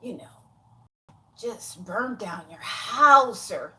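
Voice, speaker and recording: A woman's voice: a little high, animated, slow pace, sharp tone. A woman in her forties giving casual commentary, exasperated and sarcastic, dropping into muttered asides. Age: 40s. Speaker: YouTube commentator.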